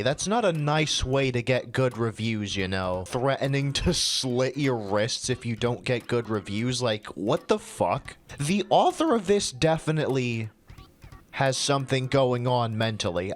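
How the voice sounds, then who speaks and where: A sarcastic man riffing on a terrible fanfic, jumping into loud disbelieving yelps. His voice sits at a middle pitch. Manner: sarcastic, with incredulous outbursts. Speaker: youtuber reading a fanfic aloud. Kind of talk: comic reading commentary.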